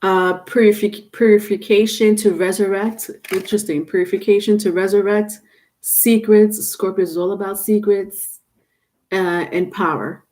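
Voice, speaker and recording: A woman's voice: mid-range voice, steady tone, normal speed, a little mellow. A woman hosting a live tarot reading, chatty and repetitive, often laughing while greeting viewers. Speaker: tarot reader. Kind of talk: live-stream reading and chat.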